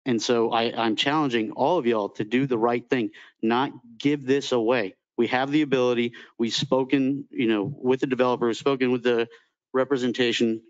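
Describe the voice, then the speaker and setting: A man serving as vice chair, arguing insistently at a public board meeting and repeating his points. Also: mid-range voice. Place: municipal board meeting room. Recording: muffled meeting audio.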